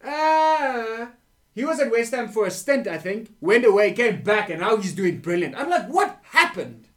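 A man with a fairly high voice that swoops all over as he talks football with friends. He sounds animated and exclaiming, full of disbelief, in a relaxed podcast chat. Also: normal speed. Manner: animated, exclaiming, says "bro" a lot. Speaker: podcast co-host.

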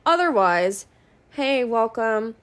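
A young woman hosting her own podcast in a casual, rambling way, frank and swearing, with many ums and pauses. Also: on the high side, expressive, clean tone. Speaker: podcast host.

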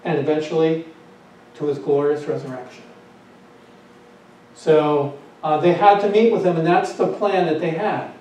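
A man preaching a sermon as pastor, asking rhetorical questions, repeating his phrases and letting lines trail off softly. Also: a little high, fairly even intonation, normal speed, long pauses, heavy reverb, distant mic, lo-fi sound.

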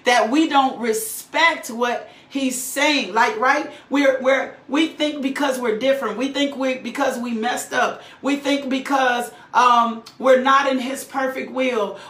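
A woman's voice: fairly high pitch, fairly bright tone, roomy sound. A middle-aged woman preaching a sermon with fervor, often repeating lines for emphasis and checking in with "right?".

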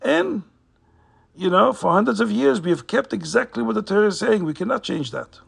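A man voicing a calm, steadfast rabbi in a told story, earnest and raspy. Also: high-pitched, a little fast, voice pushed up, full character voice.

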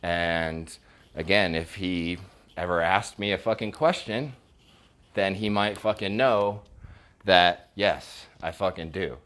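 Very deep-voiced man on a profane rant. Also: slow pace, a bit bright. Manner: heavy swearing, scornful, stumbling restarts. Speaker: vlogger recounting text messages. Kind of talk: casual storytime rant.

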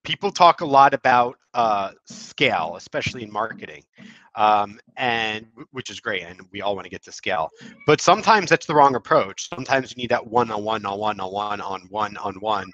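A man's voice: lowish voice, animated, moderate pace, fairly bright tone, no echo, highs cut off. A man hosting a podcast in casual chat, blunt and jokey, often cutting in with his own examples. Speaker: podcast host.

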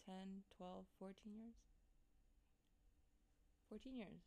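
A woman's voice: medium pitch, fairly even intonation, slow, gravelly, warm tone. A woman in her thirties hosting a live show and chatting casually with viewers. She is loose and chatty, laughing and swearing often. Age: 30s. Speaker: livestream host.

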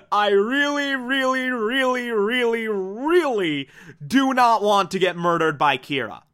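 Pushy brash young guy, higher voice, insistent, a man doing it. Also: lively intonation, slow pace, a bit bright, clear, resonant tone, exaggerated voice. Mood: pushy nervous. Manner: pushy and insistent, repeats himself. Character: brash, jumpy young male rival.

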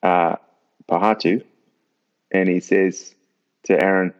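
A man, a former soldier, telling anecdotes casually in an interview, relaxed with drawn-out fillers. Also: low-pitched, dull audio.

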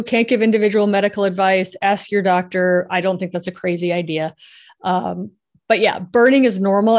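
A woman's voice: mid-range voice, a little mellow. A woman hosting a live podcast, answering listener questions in a chatty way with many fillers. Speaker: podcast host and sexual health coach. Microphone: headphones with mic.

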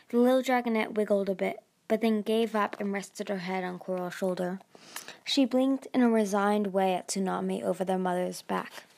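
A woman's voice: medium pitch, a little mellow. A woman narrating a fantasy novel aloud, reading steadily with occasional slips and restarts.

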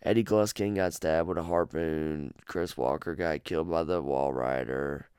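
A man's voice: very deep voice, moderate pace, a little mellow, clean tone, no echo, studio quality. A man hosting his own podcast, chatting about a horror game in a rambling, profane, jokey way. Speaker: podcast host.

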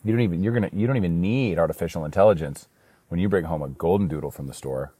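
A man's voice: low voice, fast, warm tone, breathy edge, no echo. A man talking in a rambling, slangy casual monologue in a studio, saying bro a lot.

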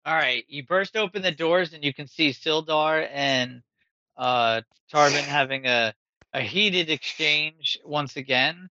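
A man running a tabletop game, speaking slowly and pausing often. His voice is very bright and forceful. The sound is dry and a little dull. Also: a little high, dry recording. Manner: slow, halting narration with frequent fillers. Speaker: game master.

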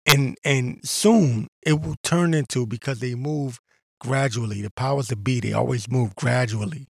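A man's voice: medium pitch, moderate pace, vocal fry, darkish tone, dry recording, clean studio sound. A man hosting a podcast, talking in a ranting, combative way and mocking others in put-on voices. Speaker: podcast host. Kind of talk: casual monologue.

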